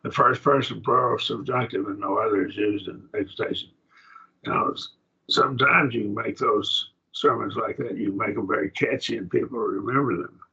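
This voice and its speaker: A plainspoken, folksy man, a preacher, teaching a slow Bible Greek grammar lesson to a class. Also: lowish voice, gravelly, bright, forceful tone, slightly rough. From rural. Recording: dull lo-fi classroom recording.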